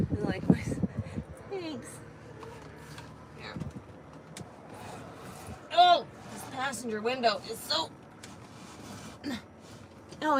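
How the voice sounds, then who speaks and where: A woman's voice: fairly high pitch, noisy background. A woman truck driver chatting casually on a live stream from inside her truck cab, talking to her viewers and her cat.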